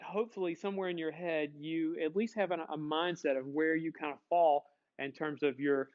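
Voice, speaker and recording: A man's voice: on the high side, lo-fi sound. A male teacher giving a conversational classroom lecture, asking the class questions and answering them himself.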